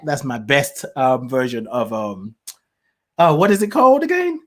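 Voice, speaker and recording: A man hosting a live show in a casual monologue, speaking with a mixed British, Nigerian and Southern US accent. He is chatty and animated and laughs often. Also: mid-range voice, moderate pace. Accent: mix of British, Nigerian and Southern US. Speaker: host.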